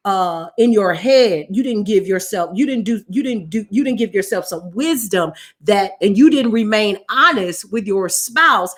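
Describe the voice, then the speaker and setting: A woman's voice: medium pitch, lively intonation, measured pace, few pauses. Earnest woman preaching about marriage. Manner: earnest, sermon-like, speaks of God's anointing. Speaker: co-host of a marriage talk show. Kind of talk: live-streamed marriage teaching.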